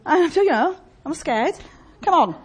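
A woman's voice: high voice, animated, unhurried. A woman preaching a sermon in a conversational way, often asking the congregation questions.

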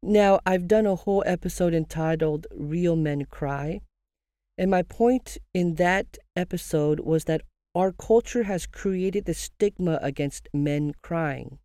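Calm, measured podcast host with a mellow voice. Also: mid-range voice, clean tone, no echo, clean studio sound. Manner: calm, measured, counselling tone with slow emphatic phrases; asks listeners rhetorical questions. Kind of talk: scripted podcast monologue giving grief advice.

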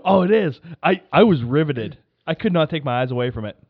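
A man's voice: on the high side, animated, fairly quick, slightly rough, no echo, narrow, tinny audio. A man hosting a podcast, teasing his guest in casual banter. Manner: teasing, laughs along. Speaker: podcast host.

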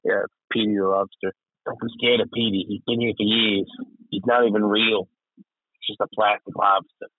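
A man's voice: on the low side, level tone, normal speed, no echo. Young man on a thin, phone-like line. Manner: loose and profane, laughs often. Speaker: podcast co-host. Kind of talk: casual chat. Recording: tinny phone-like, dry.

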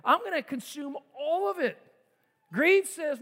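A man with a strikingly high voice preaches a sermon, leaning on repeated phrases and rhetorical questions. His words ring out with a long, hall-like reverb, as from a large sanctuary. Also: animated, a little slow, a bit bright. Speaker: pastor.

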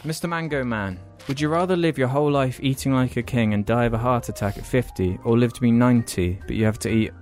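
A man's voice: medium pitch, fast, few pauses, darkish tone, faint music behind. A man hosting a podcast, reading out viewer questions and musing aloud with tag questions. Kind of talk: casual chat.

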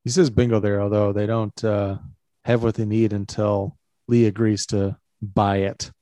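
A man co-hosting a podcast, recapping a movie scene in a relaxed, halting way. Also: on the low side, no room sound. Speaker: podcast co-host. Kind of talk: casual movie-breakdown chat.

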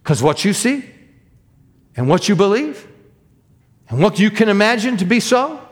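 A middle-aged man preaching as a guest minister, telling a story with emphatic, animated delivery and acted sound effects. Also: sits high, moderate pace. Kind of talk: storytelling sermon.

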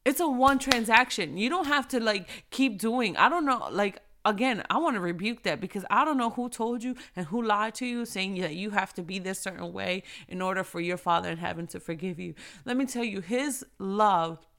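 A woman giving a casual, encouraging faith talk aimed at other women. She sounds preachy and direct, often slowing right down to press a phrase home. Her pitch sits in an ordinary middle range. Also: lively intonation, a bit bright. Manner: preachy and encouraging, slows down to stress phrases, talks straight to her listeners. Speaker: Christian devotional speaker.

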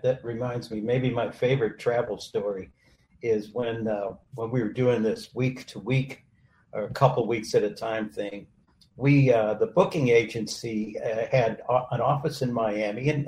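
A male host and musician sharing a story in casual conversation, halting and full of pauses. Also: mid-range voice. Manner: relaxed, halting, with many "uh" pauses. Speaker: host, also a touring musician. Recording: roomy sound with faint background noise.

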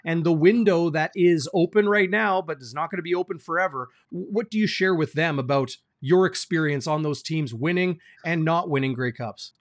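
A man's voice: a little high, moderate pace, hardly any pauses, no room sound, clean studio sound. A man who hosts a sports show and asks long, winding interview questions. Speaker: sports reporter, host.

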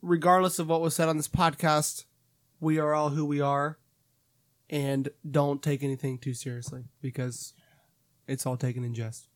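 A man's voice: on the high side, little pitch movement, moderate pace, dry recording, studio quality. A man co-hosting a casual podcast, joking and teasing the others. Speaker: podcast co-host. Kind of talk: casual chat.

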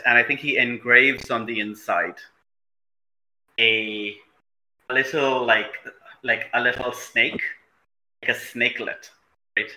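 A man playing a tabletop role-playing game, describing his character's actions and speech in a reflective, halting way with many fillers. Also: fairly low pitch, sharp tone, echoey room, poor audio. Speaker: player.

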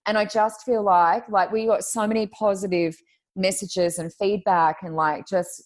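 A woman chatting as a podcast guest, telling a story in a lively, laughing way. She slips into quick impressions of the people she describes, and her voice jumps high for the funny bits. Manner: lively, laughing, mimics others' voices in quotes. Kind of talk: casual chat, animated storytelling.

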